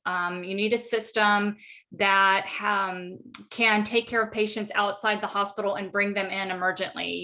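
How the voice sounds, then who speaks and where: A woman leads a medical education panel online, and her voice comes across bright and forceful. She speaks in a measured, thoughtful way, pausing on frequent ums as she sets up questions for the experts. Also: mid-range voice.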